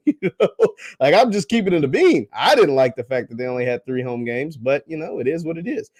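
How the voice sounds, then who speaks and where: A man hosts a casual livestream chat, reading viewer comments in a slangy, teasing way that swings between loud and quiet. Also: a little high, big pitch swings, brisk, husky, no echo.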